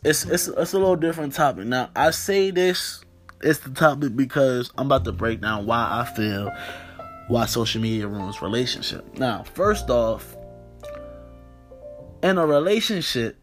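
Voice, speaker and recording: A man's voice: medium pitch, expressive, measured pace, faint music behind. A man in his twenties hosting a podcast, telling a story in a rambling, profane way, full of "like" and "you know". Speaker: podcast host. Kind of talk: casual storytelling monologue.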